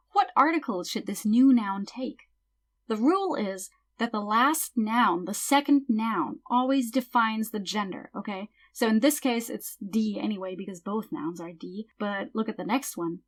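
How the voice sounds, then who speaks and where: Woman, language teacher, mid pitch, patient tutorial delivery, slow deliberate example words, soft trailing phrase ends. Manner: slow careful word-by-word example pronunciation. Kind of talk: explanatory tutorial.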